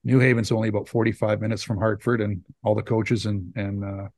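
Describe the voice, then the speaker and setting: A man's voice: on the low side, little pitch movement, fairly quick, darkish tone, no echo. A man in his fifties, a podcast guest telling rambling stories in a casual way. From Saskatchewan, Canada. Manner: rambling, acts out quotes. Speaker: podcast guest, former hockey player. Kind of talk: casual storytelling.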